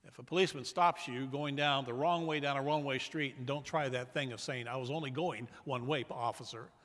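A man preaching a sermon as a pastor, with emphatic delivery that swings from loud to hushed. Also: mid-range voice, fairly even intonation, fairly quick, in a large hall.

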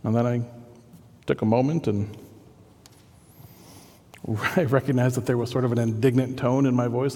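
A man's voice: mid-range voice, fairly even intonation, moderate pace, pauses often, darkish tone. A man preaching a sermon as pastor, earnest and conversational, thinking aloud as he goes. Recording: long hall reverb.

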